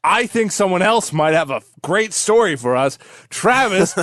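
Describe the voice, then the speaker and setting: A man's voice: sits high, lively intonation, unhurried, a bit bright. A man co-hosting a podcast in casual chat, teasing the others and steering the talk. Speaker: podcast co-host.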